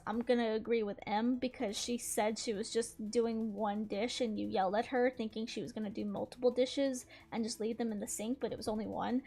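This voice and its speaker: A young woman with a high, light voice tells a story in casual, chatty fashion. She sounds exasperated and animated and laughs often as she recounts things. Faint music plays softly behind her. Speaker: gaming channel host.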